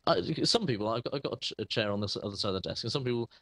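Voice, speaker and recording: A man's voice: lowish voice, very fast, fairly bright tone, no room sound. A man who runs a computer repair shop, telling a story in casual chat with lots of fillers and restarts. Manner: rambling, hesitant storytelling with many fillers. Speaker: computer repair shop owner, podcast co-host.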